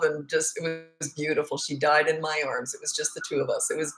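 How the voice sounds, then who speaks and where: A woman's voice: sits low, level tone, fairly quick, fairly bright tone. A middle-aged woman, a parenting coach, answering viewer questions in a casual, blunt and frank way, repeating words for emphasis.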